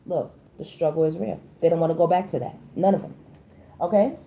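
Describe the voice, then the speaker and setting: An emphatic woman, talking through a casual celebrity tarot read in a warm, mellow voice. She keeps checking in with her viewers as she goes. The room sounds echoey, with a faint hiss of noise underneath. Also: low voice, fairly quick, vocal fry. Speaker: tarot reader.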